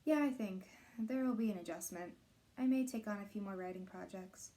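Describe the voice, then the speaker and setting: A caring, protective mother who speaks in a gentle, reassuring way, as a woman puts her on while reading aloud. Her tone is mellow and soft rather than bright. She remains firm when she needs to be. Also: mid-range voice, normal speed, close to an everyday voice.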